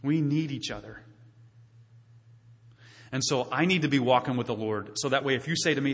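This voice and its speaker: A man preaching from the pulpit with a bright, forceful voice that rings out into a long, echoing church hall. His delivery is conversational, full of restarts and direct questions to the people in the pews. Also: mid-range voice, moderate pace, pauses often. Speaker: pastor. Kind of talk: sermon.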